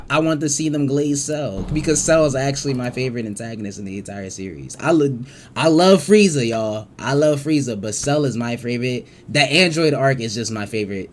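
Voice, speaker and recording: Excitable, profane man reacting casually. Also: medium pitch, moderate pace, a little hiss or hum. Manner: excitable, profane, rambling with restarts. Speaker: reaction streamer.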